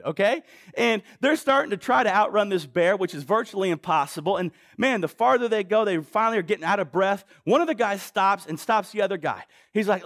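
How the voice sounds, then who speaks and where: A middle-aged man delivers a sermon in a high voice with a gravelly edge. He talks to the congregation in a conversational way and keeps putting questions to them. The sound is close and dry, with almost no room echo. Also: fairly bright tone. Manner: conversational, asks the crowd questions, quick asides. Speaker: preacher.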